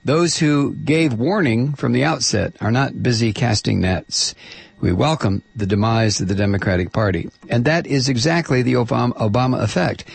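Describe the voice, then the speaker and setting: A man hosting a call-in radio show, hesitant with fillers when chatting and steady and pointed when reading an essay aloud. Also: mid-range voice, moderate pace, creaky, slightly rough, dry recording. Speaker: radio talk show host.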